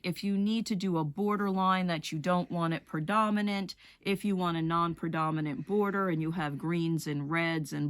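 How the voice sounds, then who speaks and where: A woman with a slightly low voice leads a rug hooking lesson. She talks in a relaxed, chatty way, explaining each wool color as she lays it out.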